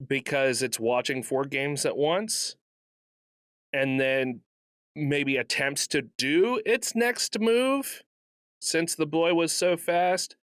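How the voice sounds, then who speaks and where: A man co-hosting a podcast in casual chat, animated and jokey, laughing often. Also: a little high, no room sound, clean studio sound. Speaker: podcast co-host.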